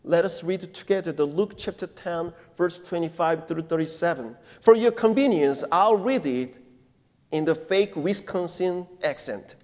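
A male pastor giving a sermon in non-native English phrasing, preaching deliberately and emphatically and putting questions to his congregation. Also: a little high. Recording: long reverb of a church hall.

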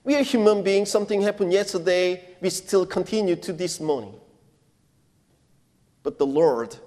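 High-voiced male pastor preaching slowly. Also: darkish tone. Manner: deliberate, emphatic preaching with questions put to the congregation. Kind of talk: sermon. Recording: long reverb of a church hall.

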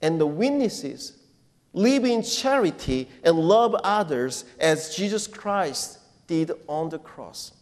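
High-voiced male pastor preaching slowly. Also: very animated, darkish tone. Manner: deliberate, emphatic preaching with questions put to the congregation. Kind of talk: sermon. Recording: long reverb of a church hall.

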